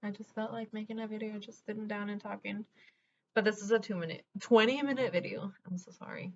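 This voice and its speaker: A young woman from Venezuela talks candidly to camera while getting ready, wandering from one childhood memory to the next and often laughing through the rough parts. Her voice sits in a middle pitch. The home recording sounds a bit dull, with a faint hiss behind her. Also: fairly even intonation, fairly quick, a little mellow. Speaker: vlogger. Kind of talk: get-ready-with-me chat while doing makeup.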